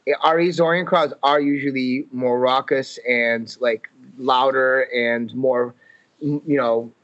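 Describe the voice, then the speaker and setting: A man from New England, a comedian telling stories in a casual chat with animated quotes. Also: mid-range voice, a little slow, muffled recording. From Fall River, Massachusetts, US. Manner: animated storytelling with quoted voices.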